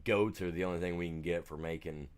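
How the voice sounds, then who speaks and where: Low-voiced rambling American man streaming. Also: steady tone, quick pace, clean tone. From United States. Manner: rambling, storytelling, self-deprecating. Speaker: game streamer. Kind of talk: casual live-stream chat.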